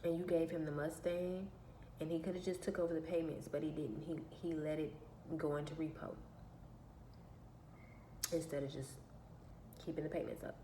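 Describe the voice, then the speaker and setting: A woman's voice: low-pitched, level tone, normal speed, pauses often, dark tone. A woman vlogger telling a personal story in an emphatic, aggrieved way, repeating her phrases, in an echoey room. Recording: echoey room with faint background noise.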